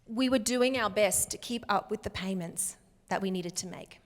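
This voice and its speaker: A middle-aged woman giving a motivational keynote talk in a large hall, speaking slowly and emphatically with clear enunciation. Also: medium pitch. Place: large hall before a live audience. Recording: long hall reverb.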